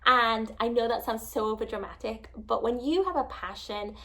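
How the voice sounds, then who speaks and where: A young woman tells a travel story to her camera with rising excitement. She sounds close to tears and sometimes drops to a hushed whisper. Her voice sits a little high. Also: normal speed. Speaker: travel vlogger.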